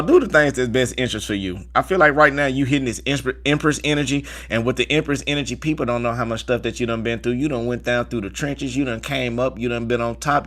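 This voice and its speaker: A man's voice: mid-range voice, fairly bright tone. A man with a Southern US accent giving a casual tarot reading to his viewers and repeating affirmations in a chanting way. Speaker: tarot reader.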